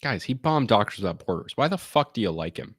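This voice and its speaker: A man's voice: fairly low pitch, big pitch swings, quick pace, breathy edge, dry recording, studio quality. A man giving blunt, sarcastic, rambling commentary on survey charts during a casual live stream. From United States.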